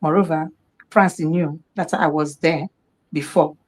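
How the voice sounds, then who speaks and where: A woman's voice: low voice, a little slow. A middle-aged woman with a Nigerian accent, a guest on a live talk program, telling a personal story and acting out what other people said. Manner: animated, acts out the quoted voices of others.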